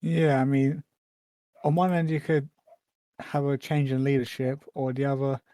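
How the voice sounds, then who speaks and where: Dry, dark-voiced man with wry quips. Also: mid-range voice, level tone, moderate pace, no echo. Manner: short wry agreeing remarks. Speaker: podcast co-host. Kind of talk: casual chat.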